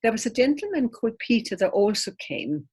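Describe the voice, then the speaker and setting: An older woman, a medium, telling animated stories with laughter in a conversational interview, her English slightly non-native in phrasing. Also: on the high side, brisk, slightly rough. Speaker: spiritual medium, guest.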